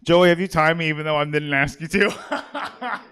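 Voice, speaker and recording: A man's voice: on the high side, gravelly, a bit bright, clean tone. Rambling man doing stand-up. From California. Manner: rambling, self-mocking, frequent "all right?". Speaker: stand-up comic and emcee. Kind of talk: stand-up comedy set. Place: live comedy stage.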